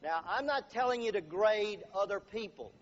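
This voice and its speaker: A middle-aged man giving a seminar talk to a live audience, animated and jokey, acting out little scenes. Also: high voice, normal speed. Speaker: motivational speaker. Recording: dull lo-fi recording, faint ambience.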